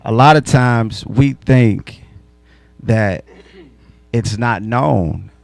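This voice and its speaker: A man from North Carolina telling a story in relaxed, slangy talk, repeating phrases for emphasis. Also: medium pitch, very slow, gravelly, no room sound. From Asheville, North Carolina. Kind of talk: casual storytelling.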